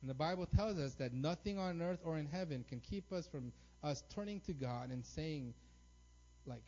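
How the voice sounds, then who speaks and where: A man's voice: fairly high pitch, moderate pace. A man in his thirties preaching a sermon, telling stories with lots of energy and checking in with the crowd by asking "right?". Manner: animated storytelling, frequent "right?" tags. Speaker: pastor. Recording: dull lo-fi recording.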